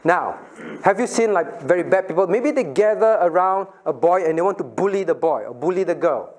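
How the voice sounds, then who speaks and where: A man's voice: high-pitched, lively intonation, a little fast, darkish tone. A middle-aged male pastor leading a children's Bible lesson, asking questions, laughing often and acting out little scenes.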